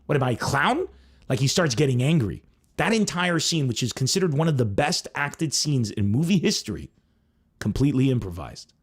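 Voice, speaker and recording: Male comedian host, casual monologue, swooping expressive voice, acts out quotes. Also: mid-range voice, moderate pace, husky. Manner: animated, acts out quoted lines.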